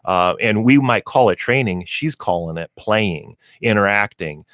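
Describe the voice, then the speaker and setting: A man with a fairly low voice hosts a pet advice radio show, talking in a relaxed, folksy way and now and then acting out little lines for dogs and owners. The sound is dry and close to the mic. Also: a little slow, dry recording. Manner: folksy, explains with acted dog and owner voices. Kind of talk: casual radio talk on pet training.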